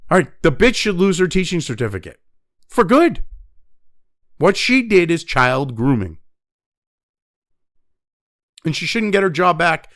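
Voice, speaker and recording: A man delivers furious, profanity-laden commentary on a news story, breaking off to read excerpts aloud. His voice sits fairly high and leaps around a lot. The sound is dry and close. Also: big pitch swings, unhurried, pauses often, fairly bright tone, dry recording. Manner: angry, heavily profane, blunt; reads news excerpts aloud between rants.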